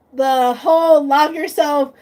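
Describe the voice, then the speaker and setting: A woman's voice: high-pitched, gravelly. A woman vlogger chatting casually on a live stream, emotional and tearful, gushing and laughing often.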